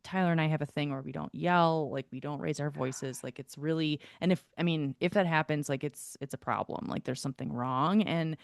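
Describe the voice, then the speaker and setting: Chatty woman podcast host, low-pitched. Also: brisk, vocal fry, hardly any pauses, dry recording, studio quality. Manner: chatty storyteller, filler-heavy "like". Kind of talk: casual podcast chat.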